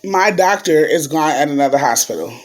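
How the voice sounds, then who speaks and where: A man's voice: a little high, lively intonation, brisk. A man vlogging in a chatty, casual way, telling a story to his viewers and calling them y'all.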